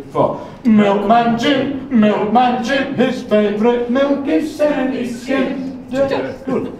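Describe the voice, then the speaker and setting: An older man performing for a live audience as a poet, with playful, deadpan, self-mocking stage patter. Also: fairly high pitch. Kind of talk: comic stage patter leading a singalong. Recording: echoey hall from far off with audience.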